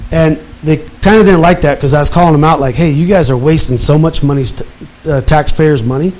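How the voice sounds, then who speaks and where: A man in his fifties, retired from military service, tells his life story in casual, animated talk and acts out his own past words. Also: fairly high pitch, brisk, poor audio. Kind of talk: casual personal testimony.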